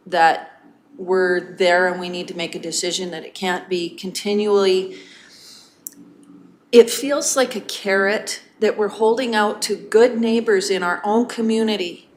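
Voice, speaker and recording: A woman chairing a council meeting debate, earnest and passionate but measured. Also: medium pitch, a little hiss or hum.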